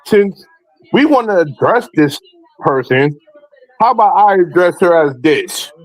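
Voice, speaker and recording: A man's voice: high voice, sing-song, unhurried, poor audio. A man hosting a livestream talk show, confrontationally calling out rivals. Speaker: host.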